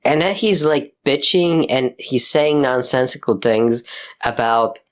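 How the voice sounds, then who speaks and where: A young man in casual, profane ranting mode, exasperated and piling on fillers and restarts. His pitch sits in an ordinary middle range, often jumping high when he gets worked up. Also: a little slow. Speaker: commentator. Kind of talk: casual rant.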